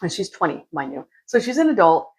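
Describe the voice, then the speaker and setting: A woman's voice: on the low side, very animated, brisk, darkish tone, husky, poor audio. A woman in her forties casually telling a story to camera, chatty and exasperated, acting out what others said. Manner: chatty and exasperated, acts out quoted lines; sips wine while talking. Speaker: vlogger.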